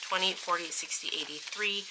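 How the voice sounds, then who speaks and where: A woman vlogging her budget in a casual way, counting bills aloud in a steady murmur and laughing at her own mistakes. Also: lowish voice, moderate pace, very noisy. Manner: chatty, self-deprecating, laughs at her own slips. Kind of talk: casual counting-out-loud vlog.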